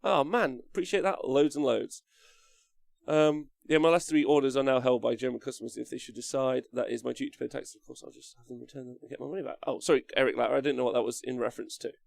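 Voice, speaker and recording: A man hosting a live stream, cheerful and chatty as he thanks viewers by name. His voice carries a gravelly fry at mid pitch. The sound is dry and close to the mic. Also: fairly even intonation, fast talker, darkish tone, no echo. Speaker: wargaming stream host.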